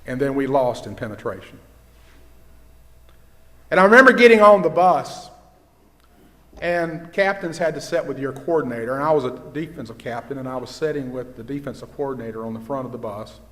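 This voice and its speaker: An older man, a pastor preaching a sermon and telling stories, dropping his voice low for quoted dialogue. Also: expressive, fairly quick. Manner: storytelling, with hushed quoted dialogue. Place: church sanctuary. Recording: long church reverb.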